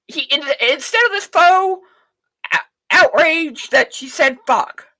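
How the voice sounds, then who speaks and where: A woman's voice: very high-pitched, unhurried, pushed and bright, dry recording. A woman hosting a livestream talk show, ranting bluntly and swearing freely, rambling with restarts and talking to herself. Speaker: show host. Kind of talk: livestream commentary.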